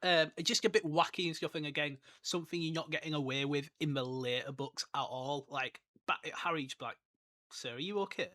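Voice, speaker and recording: A chatty man hosts a casual book podcast and rambles through his thoughts with plenty of laughs. His voice sits a little high and sounds bright and clear. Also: steady tone, fairly quick, hardly any pauses. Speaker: podcast host. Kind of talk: casual book discussion with read-aloud passages.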